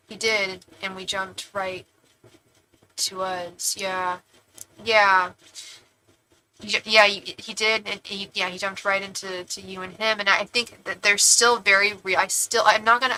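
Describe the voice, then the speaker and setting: A woman's voice: mid-range voice, bright, forceful tone, slight background noise, rough recording. A young woman from California giving a tarot reading on a live stream, chatty and rambling with many restarts. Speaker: tarot reader.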